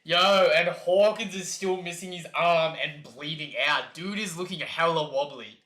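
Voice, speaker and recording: A man's voice: a little high, a little slow, bright, forceful tone, reverberant. A man streaming a live reaction, chatting casually and reading comic panels aloud in exaggerated voices.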